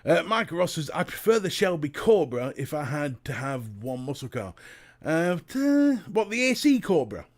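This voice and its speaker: A man's voice: a little high, big pitch swings, normal speed. A British man hosting a casual livestream, chatting to viewers and reading their comments, jokey and talking straight to the chat. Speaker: livestream host.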